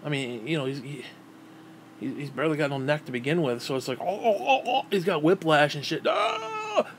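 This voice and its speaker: A man in his thirties with a fairly high voice tells an old memory in loose, casual storytelling. He swears freely and trips over repeated words as he goes. A faint background hum sits under his voice. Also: lively intonation, brisk. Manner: profane, rambling, repeats and restarts words. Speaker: vlogger.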